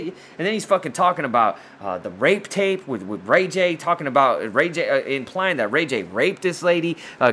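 A man hosting a show, ranting casually with heavy cursing, stammered restarts, and swings between loud outbursts and low muttering. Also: slight background noise. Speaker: podcast host. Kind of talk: profane casual rant.

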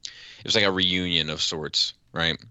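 A man's voice: deep voice, fairly even intonation, a little slow, pushed and bright, smooth, no room sound. A man in his thirties co-hosting a podcast, telling stories in rambling casual chat and swearing freely. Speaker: podcast co-host.

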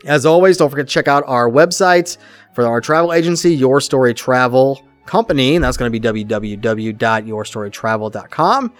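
In a relaxed podcast chat, this middle-aged co-host brings his stories to life by voicing the people in them. He speaks a little fast in a mid-range voice, with no room sound and soft music playing underneath.

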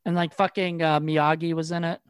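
A man's voice: on the high side, flat delivery, clear, resonant tone, dry recording. Guy cohost laughing and stumbling through movie talk, dry mic. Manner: laughing often, halting, filler-heavy. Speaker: podcast co-host. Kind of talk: casual movie chat.

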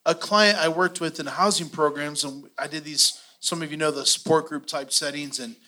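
A middle-aged man teaching a church finance class, telling stories with animated, acted-out quotes. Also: on the high side, normal speed. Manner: animated storytelling, acts out quotes.

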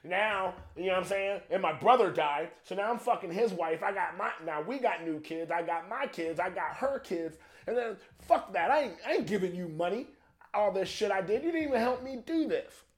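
A man voicing an angry, foul-mouthed male colonist settler who rants in a raised, higher voice. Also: lively intonation, brisk, hardly any pauses. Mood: furious ranting. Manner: ranting, profane, higher-pitched.

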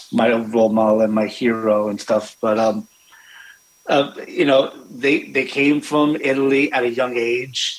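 A man's voice: medium pitch, poor audio. Rambling man telling family stories. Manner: rambling, many fillers and restarts. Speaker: restaurant owner, guest. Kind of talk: conversational storytelling.

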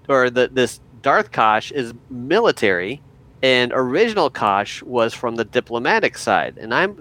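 A man co-hosting a casual podcast, talking through his thoughts out loud. He stammers and repeats words as he works toward his point, in a loose conversational way. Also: mid-range voice. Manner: stammering, repeats words while thinking aloud. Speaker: podcast co-host. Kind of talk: casual chat.

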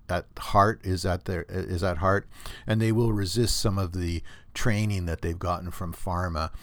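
There's no room sound as a low-voiced Canadian man delivers a casual solo podcast monologue into his home computer setup. He wanders between opinions and frequently starts his sentences over.

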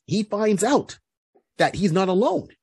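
A man's voice: sits high, very animated, a little slow, darkish tone, breathy edge, dry recording. A man co-hosting a podcast, casually recapping a comic book hero's story, rambling with lots of fillers and restarts. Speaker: podcast co-host.

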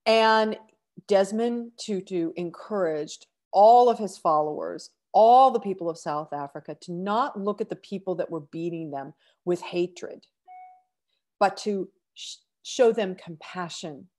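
A middle-aged woman speaks slowly and earnestly as she hosts an inspirational podcast. Her voice sits a little low, and it carries emotion, with sighs and broken-off phrases. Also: darkish tone. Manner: slow, earnest, emotional, breaks off to sigh. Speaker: podcast host.

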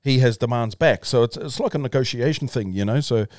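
A man's voice: medium pitch, fairly quick, darkish tone, no echo, clean studio sound. A man, a podcast guest, telling a long story in loose casual chat, swearing freely and calling people "bro". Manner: loose, swearing, says "bro", talks in restarts.

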